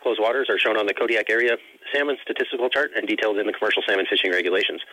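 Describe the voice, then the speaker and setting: Rapid-fire man reading an official advisory. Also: fairly low pitch, bright, forceful tone, no room sound, poor audio. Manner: brisk, formal, rapid reading. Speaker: agency announcer.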